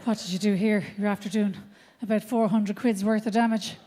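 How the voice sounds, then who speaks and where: An Irish woman voicing a gruff male garage mechanic who speaks in a low, dismayed voice. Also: steady tone, fairly quick, mellow, a faint crowd, natural voice.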